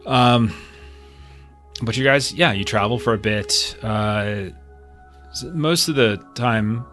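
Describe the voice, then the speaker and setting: A man's voice: fairly low pitch, takes it slowly, fairly bright tone, soft background music. A man narrating as game master of a tabletop game, describing scenes in a loose, meandering way with many fillers.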